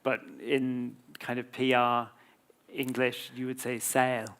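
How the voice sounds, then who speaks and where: A man's voice: mid-range voice, monotone, a little slow, a bit bright. An Australian man, a composer and guest, explaining his work thoughtfully in a live public conversation, with frequent ums.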